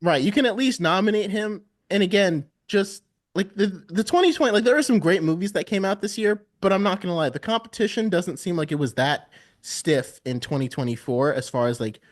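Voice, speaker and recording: A man's voice: sits high, a little fast. A man hosting a casual podcast chat about the Oscars, telling stories with animation and frequent laughter. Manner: animated storytelling, laughs often. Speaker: podcast host.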